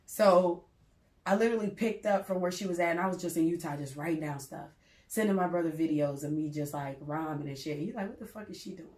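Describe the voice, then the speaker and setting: Young woman, rapper guest, animated storytelling, profane, roomy echo. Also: low voice, brisk. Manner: loud, animated storytelling with lots of profanity and laughter. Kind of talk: casual interview chat.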